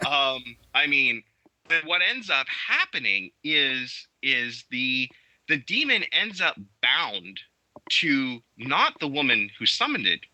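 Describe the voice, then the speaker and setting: Male guest, casual chat, enthusiastic, halting delivery full of restarts; tense, bright tone. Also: medium pitch, no echo, poor audio. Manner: halting, many restarts and fillers; enthusiastic storytelling. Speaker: podcast guest. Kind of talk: casual interview talk.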